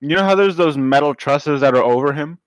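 Man co-host, playful improv, a bit high-voiced. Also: brisk, no echo. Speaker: podcast co-host. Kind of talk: improvised comedy banter.

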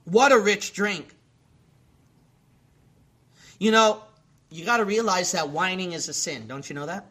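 A man delivers a fervent sermon in a notably high voice. His tone is bright and ringing. He builds through repeated phrases and rhetorical questions, dropping low and then bursting out loud. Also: measured pace, long pauses. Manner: impassioned, swings between hushed lines and sudden shouts. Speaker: preacher.

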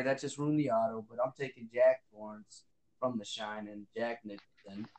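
A man's voice: lowish voice, moderate pace, a little mellow, echoey room, low-quality recording. A man co-hosting a casual podcast, rambling with lots of fillers and swearing. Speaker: podcast co-host. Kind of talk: casual chat.

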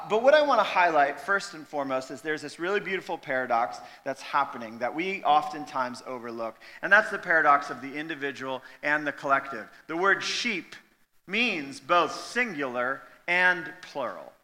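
Bright-voiced pastor preaching in a reverberant hall. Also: male voice, a little high. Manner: conversational, joking, emphatic. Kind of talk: sermon. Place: church sanctuary.

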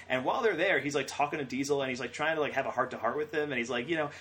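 A young man co-hosts a casual podcast, racing through his retelling of scenes. His pitch sits in an ordinary middle range, and he laughs often as he talks. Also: a bit bright, slight background noise. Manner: fast, rambling retelling with frequent laughs. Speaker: podcast co-host. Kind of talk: casual chat.

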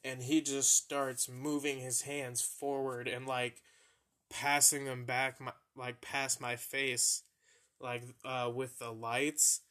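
A man's voice: medium pitch, level tone, slow pace, pushed and bright. A young man hosting a podcast, casually telling embarrassing stories, swearing freely and laughing at himself. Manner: profane, laughing at his own embarrassing stories. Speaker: podcast host. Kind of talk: casual storytelling.

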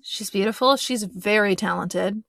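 A woman's voice: medium pitch, measured pace, creaky, a bit bright, dry recording. Emphatic young woman, dry close sound. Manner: opinionated, emphatic, speaks in sweeping asides. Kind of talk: casual chat.

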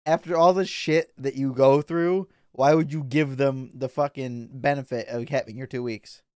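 A man's voice: mid-range voice, fairly even intonation, moderate pace, darkish tone, clean tone, dry recording, studio quality. A man co-hosting a casual podcast, teasing his friend in a blunt, profane way. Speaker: podcast co-host. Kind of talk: casual chat.

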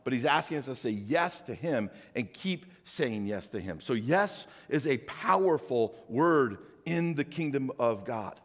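An older man preaching a sermon as a pastor, talking conversationally with animated rhetorical questions. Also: mid-range voice, unhurried, hardly any pauses, big-room sound.

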